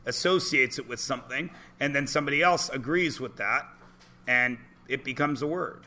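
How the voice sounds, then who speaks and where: Bright-voiced joking math teacher. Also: male voice, mid-range voice, moderate pace. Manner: jokey, punning, call-and-response with students. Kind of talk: classroom lecture. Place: classroom.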